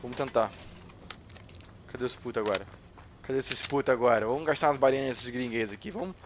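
A Brazilian man with a mid-range voice narrates his game to viewers, excitable and joking, swearing freely. He slides between his own language and Brazilian-accented English. A faint hiss sits under the recording. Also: mid-range voice, rapid-fire. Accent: Brazilian Portuguese. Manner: excitable, jokey, swears a lot, mixes in English. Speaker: gaming YouTuber. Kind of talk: gameplay commentary to viewers.

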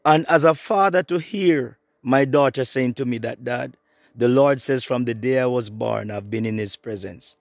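A middle-aged man preaching an online sermon, fervent and repetitive, swinging between hushed and rising passages. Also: medium pitch, moderate pace, no room sound, studio quality.

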